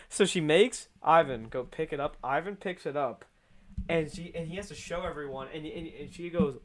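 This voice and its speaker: Rambling, swearing guy with a higher voice. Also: lively intonation, moderate pace, a bit bright. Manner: rambling anecdote full of swearing and laughs. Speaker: podcast co-host. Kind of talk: casual storytelling chat. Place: indoor podcast setup.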